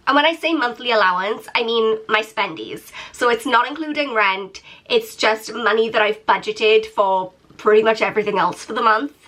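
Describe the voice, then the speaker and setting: A woman's voice: on the high side, fairly bright tone. A British woman in her thirties, sick and nasal, chatting in a playful, self-mocking way on her budgeting vlog. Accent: British English. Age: 30s. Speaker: YouTuber.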